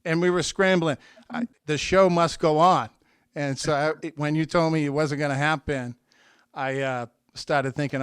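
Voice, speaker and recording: A man's voice: fairly high pitch, fairly even intonation, normal speed, smooth, dry recording, studio quality. A man from New England hosting a weekly music interview show in a chatty, rambling way with many fillers. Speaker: podcast host. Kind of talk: casual interview chat.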